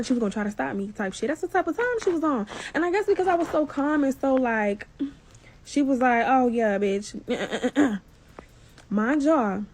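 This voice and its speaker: A woman vlogger telling a story in a casual, animated, profane way, acting out each person's lines. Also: on the high side. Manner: animated, profane, acts out dialogue.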